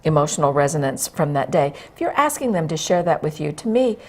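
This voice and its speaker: A woman hosts an interview with a curious manner, stacking one question onto the next as she rephrases. Her voice sits fairly low and a little husky. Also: big pitch swings, brisk, a little mellow. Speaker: host. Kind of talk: interview conversation.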